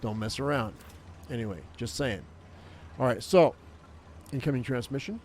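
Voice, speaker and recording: A man's voice: medium pitch, normal speed, darkish tone, a little hiss or hum. A man giving casual gameplay commentary as a gaming YouTuber, rambling and thinking aloud with lots of fillers and restarts.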